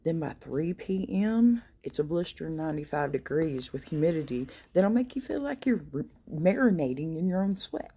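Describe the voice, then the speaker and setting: A woman's voice: sits low, sing-song, normal speed, few pauses, dark tone, husky. A middle-aged woman telling folksy comic stories in a wry, drawling way. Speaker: comedic storyteller. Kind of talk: comic storytelling monologue.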